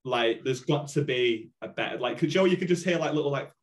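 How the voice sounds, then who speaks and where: A man's voice: mid-range voice, a little fast. A man, a comedian guest, telling holiday stories with constant swearing and lots of energy. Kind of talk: casual chat.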